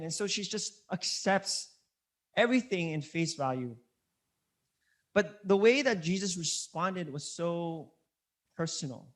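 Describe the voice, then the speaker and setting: A man's voice: sits high, lively intonation, measured pace, long pauses. A male pastor preaching a sermon in an earnest, conversational way, often repeating key words for emphasis. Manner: conversational preaching with many restarts.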